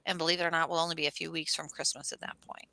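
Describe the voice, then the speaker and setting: A woman hosting a casual astrology chat, telling stories in a lively way and acting out what people said. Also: sits low, rapid-fire, vocal fry, no echo. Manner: animated storyteller, acts out quotes. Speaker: host.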